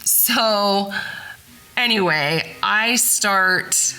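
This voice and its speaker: A woman hosting a podcast, telling a story in a rambling, excited way and often correcting herself mid-sentence. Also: medium pitch, very slow, smooth, rough recording. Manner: rambling, with frequent self-corrections and fillers. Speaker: podcast host. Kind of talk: casual storytelling.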